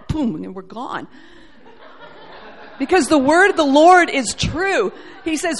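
A woman preaching a sermon, animated, acting out quoted voices and swinging between loud, ringing passages and soft, low ones. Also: normal speed.

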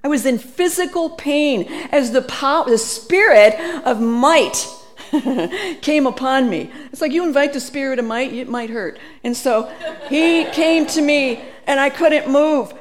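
A middle-aged woman preaching a sermon, telling stories in an animated way and laughing between phrases. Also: sits high, measured pace.

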